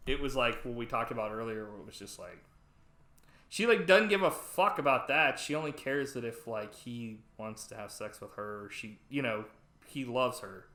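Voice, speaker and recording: A man's voice: medium pitch, lively intonation, normal speed, sharp tone. Rambling casual man recapping a film. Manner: rambling, full of "like" and swearing. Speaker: podcast host. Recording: roomy echo.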